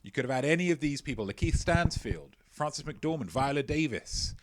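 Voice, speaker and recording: A man's voice: medium pitch, animated, normal speed. A man hosting a live-streamed quiz, joking playfully and mocking himself as he rambles, often stumbling and repeating his phrases. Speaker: quiz host.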